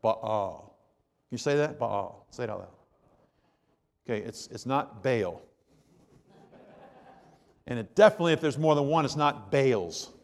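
A man's voice: on the high side, animated, fast, in a large hall. A male pastor preaching a sermon in a conversational, joking storytelling manner with asides to the congregation.

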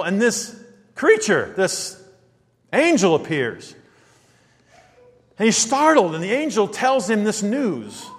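A man preaching a sermon in an animated way, firing rhetorical questions and acting out quoted lines. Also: high voice, big-room sound.

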